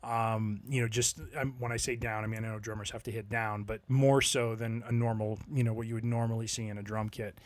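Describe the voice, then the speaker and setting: A man co-hosting a podcast, talking hesitantly with many pauses about a live performance. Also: on the low side, flat delivery, no echo. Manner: hesitant, full of ums and restarts. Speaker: podcast co-host. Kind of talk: casual podcast chat.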